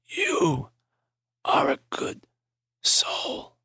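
A man voicing a frail, dying elderly professor in a whispered role-play, thin and raspy, speaking in short breathy bursts. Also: drawn-out words, sharp tone, no room sound, clean studio sound. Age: older.

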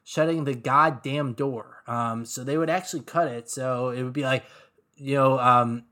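A man's voice: medium pitch, normal speed, sharp tone. A man co-hosting a podcast, talking casually about music in a rambling way, full of "like" and "um". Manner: rambling, heavy on fillers like "like" and "um". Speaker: podcast co-host.

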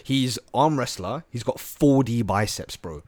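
A young man hosting a podcast, telling travel stories in a lively, slangy way and laughing often. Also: mid-range voice, a little slow, no room sound. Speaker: podcast host. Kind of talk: casual chat, travel storytelling.

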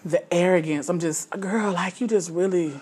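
A woman's voice: lowish voice, moderate pace, a little mellow, slightly rough. A woman co-hosting a casual chat, frank and opinionated, telling stories with plenty of restarts.

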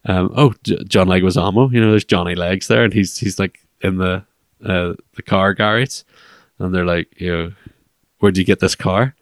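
Here a male podcast co-host rambles through casual chat, leaning on fillers and frequent restarts. He sits low in pitch with fairly even intonation and a moderate pace, captured in echo-free studio quality.

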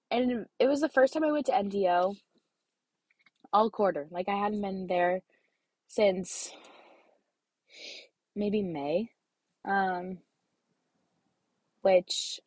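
A woman's voice: mid-range voice, slightly rough, no room sound. Young woman vlogging, lots of ums and likes, stuffy nose, dry close sound. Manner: rambling, filler-heavy, lively storytelling. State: congested. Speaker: student vlogger. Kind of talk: casual chatty vlog.

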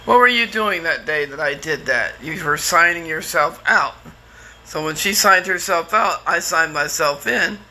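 A man's voice: on the high side, lively intonation, unhurried, sharp tone. A middle-aged man telling his own story in a candid, rambling way, full of restarts and fillers. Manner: candid and plainspoken, sometimes swears. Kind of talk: casual personal storytelling.

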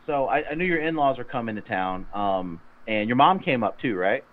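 A man co-hosting a fitness podcast, gruff and teasing, rambling with restarts. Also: medium pitch, animated, moderate pace. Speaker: podcast co-host. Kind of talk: casual podcast chat. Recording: tinny phone-like sound.

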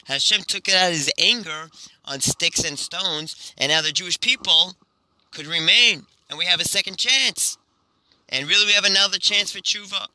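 Man doing a calm kindly old rabbi, soothing, bright slightly high voice. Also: normal speed, low-quality recording. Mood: consoling. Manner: calm, reassuring. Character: gentle wise old male rabbi comforting a man.

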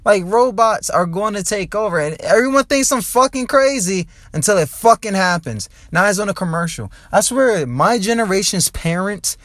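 A young man from New Jersey, a stand-up comic and podcast host, ranting loudly in a rambling, profane way from a parked car and laughing at his own jokes. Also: sits high, no echo. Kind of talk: rambling comedic rant.

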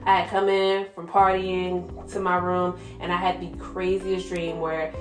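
Young woman, low-ish voice, candid slangy storyteller; echoey room, faint music bed. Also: little pitch movement, a little slow. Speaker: guest sharing her testimony. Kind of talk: casual faith conversation. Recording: roomy echo with soft music behind.

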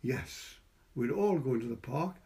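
A man's voice: mid-range voice, lively intonation, measured pace, mellow. A man reading a story, voicing a stern young woman who scolds a boy, in a Welsh accent. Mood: firm. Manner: scolding, prim.

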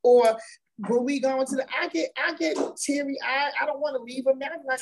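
A woman's voice: high-pitched, fairly even intonation, a little fast, a little hiss or hum, poor audio. A woman speaking candidly and emphatically as the wife of an incarcerated man, repeating words and laughing as she talks. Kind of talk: candid conversational testimony.

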